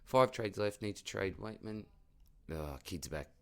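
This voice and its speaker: A man's voice: on the low side, expressive, unhurried, gravelly, fairly bright tone. A young adult man with an Australian accent, casually reading out viewer comments and answering them, calling everyone mate and buddy. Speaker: fantasy football YouTuber.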